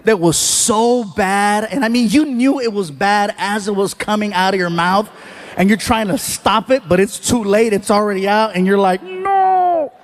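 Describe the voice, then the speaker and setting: A middle-aged man doing stand-up storytelling on stage, animated, acting out characters with sudden high shouts. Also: moderate pace. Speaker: stand-up comedian. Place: live comedy venue.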